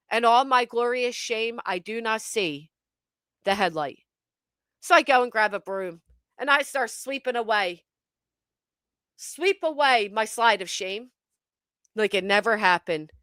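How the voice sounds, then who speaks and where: A woman hosting her channel, telling a comic story to her live chat with animated, profane delivery and dramatic pauses. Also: fairly high pitch, dry recording, studio quality. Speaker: channel host.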